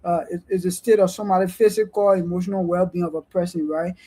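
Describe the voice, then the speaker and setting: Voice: medium pitch, level tone, fast, warm tone, poor audio. A panelist in an online discussion over a remote call, talking in a discursive way and repeatedly checking in with "right?". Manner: discursive, keeps adding "right?". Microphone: remote streaming call.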